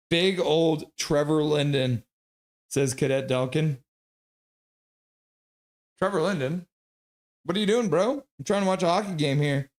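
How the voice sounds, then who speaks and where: Calling hockey action live for his stream, this man speaks on the high side and reads viewers' messages out loud. He gets worked up easily, breaking into chants and shouts.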